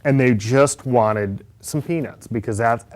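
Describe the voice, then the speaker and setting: A man's voice: mid-range voice, measured pace. A man co-hosting a comedy podcast, riffing jokes in a casual chat. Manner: animated, riffing jokes with silly put-on voices. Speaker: podcast co-host.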